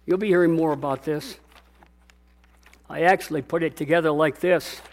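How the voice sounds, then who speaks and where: An older man preaching from the pulpit in a high, lifted voice. He is emphatic and repeats himself. He keeps calling out to the congregation for agreement. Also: fairly even intonation, moderate pace. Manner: emphatic, repetitive, calls out to the congregation. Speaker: pastor. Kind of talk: sermon.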